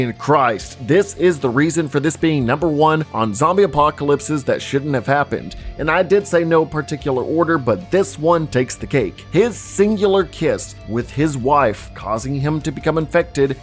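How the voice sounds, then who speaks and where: A young man hosting a channel, giving sarcastic, incredulous ranting commentary. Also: on the high side. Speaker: gaming channel host.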